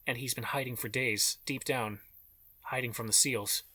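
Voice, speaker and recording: A man reading aloud, voicing a cold, menacing male vampire who speaks softly and insistently. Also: mid-range voice, steady tone, normal speed, no room sound.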